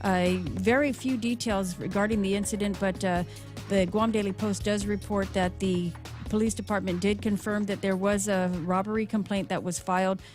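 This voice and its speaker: A woman reading the news headlines on a morning show, in a steady, matter-of-fact way with a few fillers. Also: mid-range voice, moderate pace, over music. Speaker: news reader.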